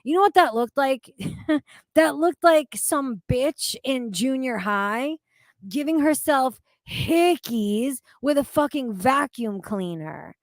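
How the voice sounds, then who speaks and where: A woman's voice: high-pitched, animated, slow, dry recording, clean studio sound. A woman streaming live, reading chat comments aloud and reacting in a blunt, profane, exasperated way.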